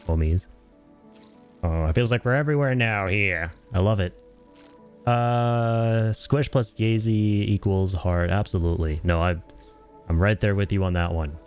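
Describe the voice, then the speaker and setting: A man's voice: sits low, a little mellow. A young Canadian man with a Canadian accent, streaming a game and chatting casually with viewers, swearing freely. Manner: laid-back, swears, chats with viewers. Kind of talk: casual gaming stream chat.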